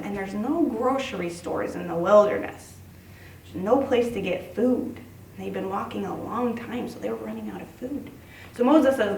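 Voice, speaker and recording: A woman pastor giving a sing-song, animated children's sermon to preschoolers in a church. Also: medium pitch, unhurried, echoey room, far from the mic, rough recording.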